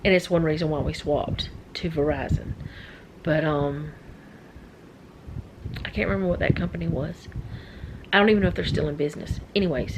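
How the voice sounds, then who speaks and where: A woman's voice: on the low side, background noise. A middle-aged woman chatting casually as a vlogger, rambling and easily sidetracked. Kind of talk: casual chat.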